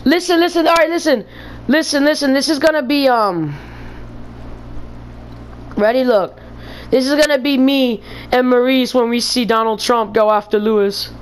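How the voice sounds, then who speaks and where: A woman's voice: high voice, moderate pace, pauses often, slight background noise. A woman chatting casually with friends while gaming, giggly and breathless from laughing, swearing in slangy banter. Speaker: gamer in voice chat.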